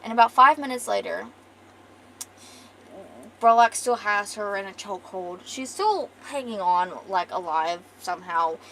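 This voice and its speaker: A woman's voice: medium pitch, a little slow, pushed and bright, slight background noise, poor audio. A young woman streamer casually retelling her comic's story, rambling with profane joking asides. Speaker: artist and streamer.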